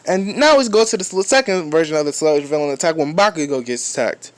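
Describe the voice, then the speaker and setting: A man retells a fan story in a loose, rambling way, often backing up and restarting his sentences. He swears offhand, and his voice sits a touch high for a man. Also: animated, quick pace.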